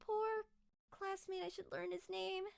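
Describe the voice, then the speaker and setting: A woman voicing a clumsy, excitable schoolgirl heroine from a dating game, speaking in a bubbly, dramatic way. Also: extremely high pitch, a little slow, creaky, no echo, clean studio sound, voice pushed up, full character voice. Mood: chatty. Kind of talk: reading an otome game aloud.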